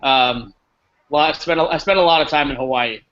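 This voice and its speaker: A man's voice: a little high, fairly quick, a bit bright. A man, a guest on a casual video call, joking and playful. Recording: lo-fi call audio with clear background noise.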